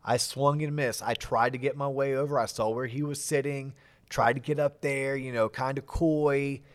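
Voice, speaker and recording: His voice sits in the mid-range, steady in tone and moderate in pace. A middle-aged man, he hosts a podcast and keeps the interview casual and animated, sprinkling in jokes at his own expense.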